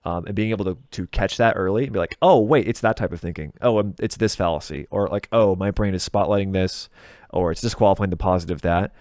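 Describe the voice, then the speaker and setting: Low-voiced man in his thirties, candid. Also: quick pace, a little mellow, no room sound. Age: 30s. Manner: loose and candid, swears freely, laughs at himself. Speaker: podcast guest, video game content creator. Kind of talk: casual interview chat.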